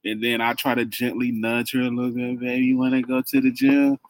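A man co-hosting a casual podcast chat with his wife, teasing and animated. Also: mid-range voice, fairly quick, no room sound, low-quality recording. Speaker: podcast co-host.

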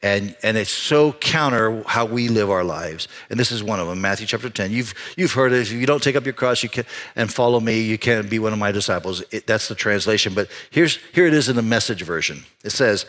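Animated storytelling male pastor. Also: lowish voice, a little fast. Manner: storytelling, animated, with frequent restarts. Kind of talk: sermon.

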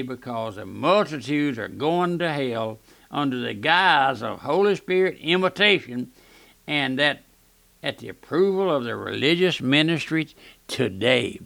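A man's voice: medium pitch, expressive, unhurried, creaky, a bit bright, dry recording. An older man, a radio pastor, preaching an emphatic, folksy sermon and repeating his phrases.

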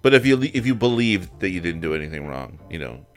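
A man's voice: low voice, sing-song, fairly quick, faint music behind. A man co-hosting a podcast, tossing in jokey comments during a story. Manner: jokey interjections. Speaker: podcast co-host. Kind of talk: casual chat.

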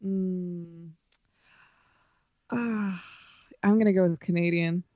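A woman's voice: on the low side, steady tone, slow pace, dry recording, lo-fi sound. A woman playing a casual quiz, unsure of herself and thinking her answers through aloud. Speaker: quiz contestant. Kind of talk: casual chat.

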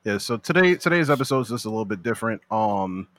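A man's voice: fairly low pitch, animated, quick pace, fairly bright tone, dry recording. A young man from the United States hosting a casual podcast, bantering and laughing with his friends. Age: young adult. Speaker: podcast host. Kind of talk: casual chat.

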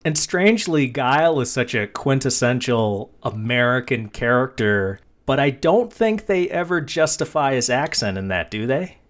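A man hosting a casual movie podcast, wry and quick to laugh as he asks his co-hosts questions. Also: medium pitch, very animated. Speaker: podcast host.

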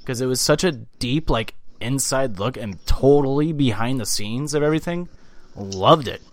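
A man co-hosting a podcast in casual chat, a profane storyteller who quotes people in mocking voices. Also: moderate pace. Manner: profane storyteller, jumps into high mocking voices when quoting. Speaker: podcast co-host.

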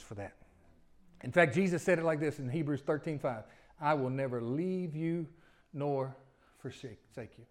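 A male pastor preaching an animated sermon in a church service, often turning to the congregation with questions. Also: high-pitched.

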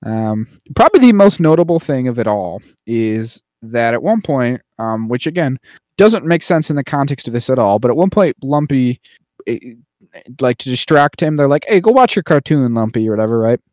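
A man's voice: medium pitch, lively intonation, moderate pace, a little mellow, dry recording. Rambling man in a dry booth. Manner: rambling, with many fillers and playful mock voices. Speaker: podcast co-host. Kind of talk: casual chat.

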